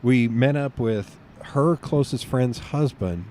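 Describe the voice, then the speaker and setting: A man's voice: mid-range voice, slow, a little mellow, slight background noise. A man with a Southern US accent, a podcast guest rambling through stories in casual chat and laughing often.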